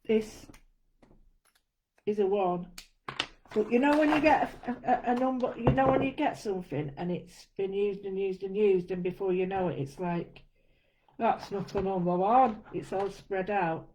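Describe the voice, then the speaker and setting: A woman giving a casual drawing tutorial, chatting through each step as she works and often trailing off softly. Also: mid-range voice, moderate pace, low-quality recording. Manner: chatty, narrates her own steps as she draws. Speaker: art tutor.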